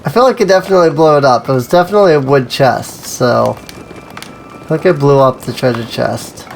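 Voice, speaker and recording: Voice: medium pitch, fairly quick, vocal fry, a little hiss or hum. A let's play host giving casual, chatty gameplay commentary, self-amused, breaking into sudden yelps at mishaps.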